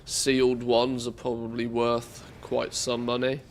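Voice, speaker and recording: A man's voice: mid-range voice, completely flat delivery, measured pace. Congested man with a cold, game streamer, loose rambling live chat, faint background noise. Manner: rambling, many fillers and restarts.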